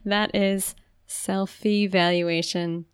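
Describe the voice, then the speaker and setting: A woman's voice: mid-range voice, flat delivery, slow, smooth. A young woman co-hosting a podcast in casual chat, talking loosely with lots of "like" fillers and easy laughs. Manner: chatty, many "like" fillers, giggly. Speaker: podcast co-host.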